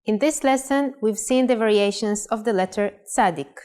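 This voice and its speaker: A woman presenting a scripted language lesson, pronouncing words clearly and carefully. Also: medium pitch, normal speed, darkish tone. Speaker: language teacher.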